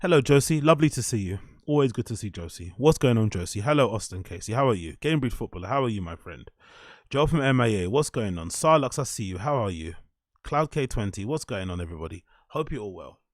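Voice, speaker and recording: A man hosting a live stream, ranting and swearing heavily about his football club, then calming down and muttering as he greets viewers. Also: lowish voice, no room sound, clean studio sound. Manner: subdued and muttering after the rant. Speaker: streamer and show host.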